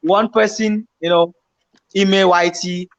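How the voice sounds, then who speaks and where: Animated man, high voice, lo-fi recording. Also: a little slow. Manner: animated, acts out his own panicked past remarks, repeats himself. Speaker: YouTuber co-host. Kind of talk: casual storytelling chat. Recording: slightly dull lo-fi home recording.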